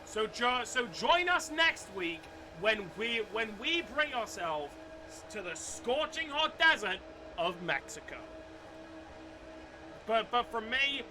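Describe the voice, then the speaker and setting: Excitable, very high-voiced male race commentator. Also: background noise. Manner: excitable, often stumbling and restarting words. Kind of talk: live sim racing commentary.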